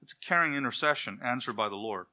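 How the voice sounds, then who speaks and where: A man delivers an expository sermon in a bright, forceful tone at a medium pitch. He explains Hebrew words and lifts his voice when he quotes scripture. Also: animated, quick pace. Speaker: preacher.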